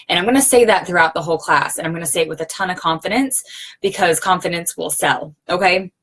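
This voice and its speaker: A woman's voice: fairly low pitch, fairly quick, a bit bright. A woman giving a casual sales training talk, conversational, checking in with her listeners often. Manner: conversational, often checks in with "okay?" and "you know".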